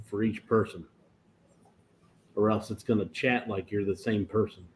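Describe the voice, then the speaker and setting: With a fairly low pitch, fairly even intonation and normal speed, this man casually talks through cruise internet plans on a livestream. He rambles and self-corrects like a storyteller, and the stream sound is dull and lo-fi with faint noise.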